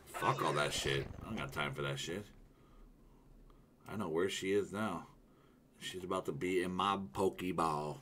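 A man streaming himself playing a video game, swearing a lot and swinging from low mutters to loud outbursts at the game. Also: unhurried, pauses often, a little hiss or hum. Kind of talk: casual live gameplay commentary. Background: game music.

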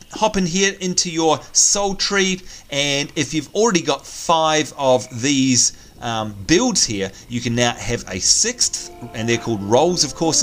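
A man's voice: on the high side, a bit bright. A man hosting a let's play, chatting casually and joking as he plays. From Australia. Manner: chatty, jokey, thinks aloud. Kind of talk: casual gameplay commentary.

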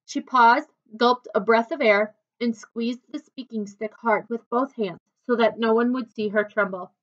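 A woman reading a children's novel aloud with expressive, unhurried narration. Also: a little high. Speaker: storybook reader. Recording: dull lo-fi recording.

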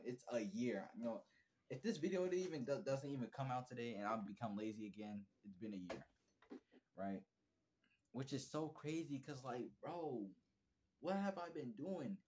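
A man's voice: mid-range voice, a little mellow. A young man telling a rambling, candid story in a casual vlog, full of slang and repeated bro and bruh. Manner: self-reflective, candid. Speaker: vlogger.

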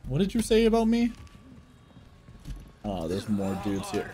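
A young man giving live gameplay commentary as a streamer, swearing often and shouting at enemies. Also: fairly low pitch, measured pace, pauses often, slight background noise. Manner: animated, swears a lot, laughs and shouts at enemies. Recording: game music in the background.

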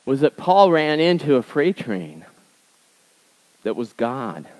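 Male pastor, mid-pitched voice, conversational sermon with big swings between emphatic highs and quiet asides. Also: sing-song, takes it slowly, rough recording.

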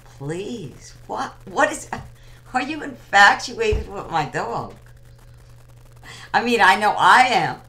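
A woman's voice: medium pitch, lively intonation, slow, pauses often, sharp tone, a little hiss or hum, low-quality recording. A young woman hosting an online radio show, rambling casually and teasing her listeners as she talks with them. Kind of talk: casual live chat with listeners.

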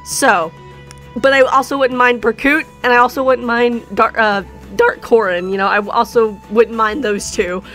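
A young woman YouTuber giving excitable, giggly commentary while summoning in a gacha game, pleading with it for the character she wants. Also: fairly high pitch, moderate pace, faint music behind.

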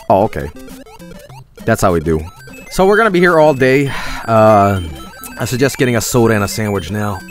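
A man streaming a game, commenting with sudden yelps, shouts and swearing. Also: on the low side, big pitch swings, moderate pace, long pauses, faint music behind. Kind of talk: live gameplay commentary.

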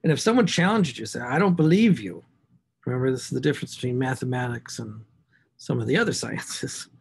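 Fast and gravelly, with a slightly rough mid-range tone, a man teaches math in a recorded class lecture. He works through equations aloud, talking to himself as he writes and hitting key words with animated emphasis.

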